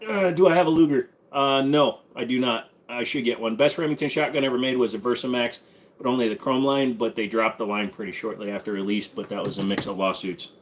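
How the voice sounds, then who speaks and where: Brief: male streamer host, casual joking Q&A, easygoing and irreverent, mid-pitched. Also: brisk, a little hiss or hum. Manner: joking, irreverent, answers chat while tinkering with gear. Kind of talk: casual livestream Q&A chat. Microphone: desk microphone.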